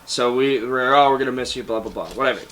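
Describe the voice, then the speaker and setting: Bright-voiced young man telling army stories. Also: mid-range voice, quick pace. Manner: laughing, animated anecdote telling. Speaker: guest. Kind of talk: casual storytelling.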